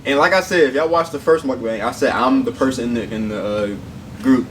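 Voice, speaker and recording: A young man casually telling a funny story on a mukbang, slangy and animated, laughing as he goes. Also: mid-range voice, a little fast. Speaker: mukbang co-host. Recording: distant mic with background noise.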